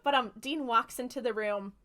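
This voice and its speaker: A woman's voice: on the high side, moderate pace, a bit bright. A woman co-hosting a podcast, casually retelling a story with lots of fillers and the odd swear. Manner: chatty retelling, many fillers, swears freely. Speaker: podcast co-host recapping episodes. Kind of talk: casual chat.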